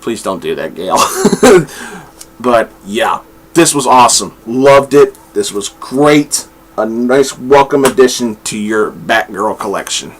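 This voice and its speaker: A man's voice: mid-range voice, very animated, slow pace, background noise. A man chatting his way through comic book reviews at home, rambling with frequent fillers and restarts. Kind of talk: casual review vlog. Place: room at home with his dog.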